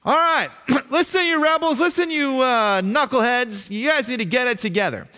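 A man's voice: very high-pitched, moderate pace, smooth, voice pushed up. A preacher playing an exasperated male leader who scolds a crowd like a halftime coach. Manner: shouting, scolding. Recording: long reverb, echoey hall.

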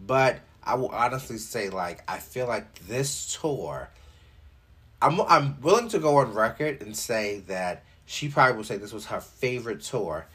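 Lively, husky-voiced young man hosting a podcast. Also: mid-range voice, a little slow. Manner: animated and joking, with frequent profanity and filler likes. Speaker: podcast host. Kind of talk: casual solo podcast chat.

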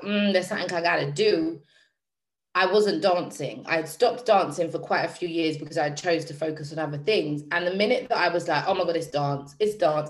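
A woman speaking to her audience, telling a personal story in a lively, emphatic, slangy way and often repeating phrases for effect. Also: low voice. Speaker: motivational speaker.

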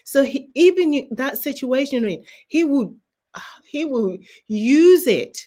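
A woman's voice: high-pitched, expressive, slow, warm tone. A woman who is a guest author, sharing a fervent faith testimony in an interview. She speaks like a preacher and repeats key phrases for emphasis.

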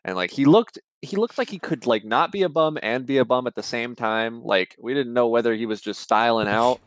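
With a mid-range voice and brisk delivery, a young male podcast co-host spins a lengthy story in casual chat, cursing and rambling through many fillers and false starts. The recording is dry.

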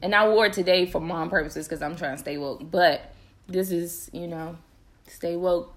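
Chatty young mom, slightly low voice. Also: female voice, moderate pace. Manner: chatty, animated, laughs often. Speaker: podcast host. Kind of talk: casual chat to viewers.

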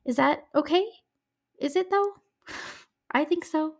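A woman's voice: high voice, takes it slowly, darkish tone. Woman host, casual true-crime narration, talky with heartfelt asides. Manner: chatty, emotional asides, swears when upset. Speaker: podcast host.

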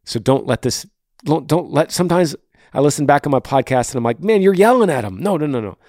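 A passionate male podcast host who answers a listener's faith question in a voice of ordinary pitch. He swings between hushed, intimate phrasing and raised, direct emphasis. The recording is dry and close to the mic. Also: fairly quick, no echo.

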